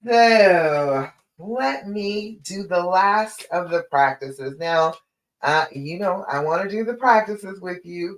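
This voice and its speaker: A woman's voice: on the low side, rough recording. A woman relationship coach speaking to viewers on a livestream, encouraging them and walking through steps in lists, calling the listener honey. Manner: instructive, repeats steps and lists.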